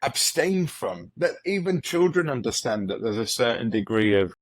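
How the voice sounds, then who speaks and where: A man's voice: medium pitch, sing-song, moderate pace, no room sound, low-quality recording. A man with a British accent, co-hosting a casual conversation and using dry humor with mock dialogues. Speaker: podcast co-host.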